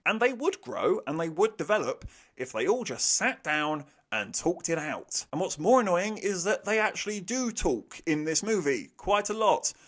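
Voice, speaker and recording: A man's voice: fairly high pitch, a bit bright. A young man giving a sarcastic, exasperated film review rant, swearing freely. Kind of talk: ranting movie review.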